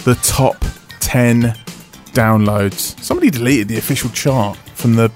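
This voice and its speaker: A man's voice: mid-range voice, a little slow, darkish tone, faint music behind. A man hosting a radio show, reading out the chart with casual banter. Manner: chatty, reads out the chart. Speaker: radio host.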